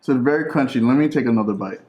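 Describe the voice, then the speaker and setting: A man's voice: mid-range voice, racing, muffled recording. A man hosting a casual food review vlog, talking in a playful, teasing way at home. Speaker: food vlogger host. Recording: echoey room with faint noise.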